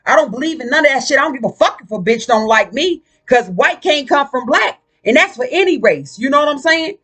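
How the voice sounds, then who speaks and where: A woman vlogger delivering a casual, ranting monologue. Her voice is bright and tense, and she talks in a blunt, profane, combative way. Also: sits high, lively intonation, brisk.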